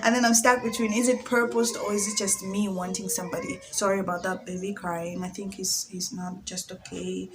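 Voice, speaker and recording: A woman's voice: medium pitch, flat delivery, fairly quick, hardly any pauses, background noise. A young woman from Zambia talking in a casual confessional vlog, chatty and emotional, often laughing and filling her talk with "like". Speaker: vlogger.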